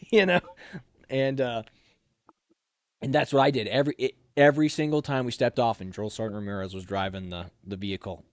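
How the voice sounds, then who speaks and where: A young man telling army stories in a casual chat, animated and laughing as he acts out lines. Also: on the low side, no room sound.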